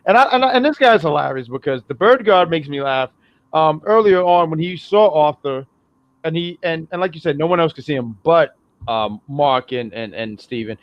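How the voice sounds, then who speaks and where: A man in casual recap chat with a slightly higher voice, often laughing and restarting his sentences. The sound is dry and dull, like a lo-fi mic with no room around it. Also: expressive, normal speed, no room sound. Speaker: podcast co-host.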